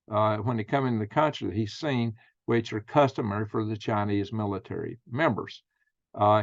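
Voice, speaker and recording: A man's voice: mid-range voice, no room sound, dull audio. A man hosting his own channel, reading news items aloud and musing on them with folksy slang and rhetorical questions. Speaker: channel host.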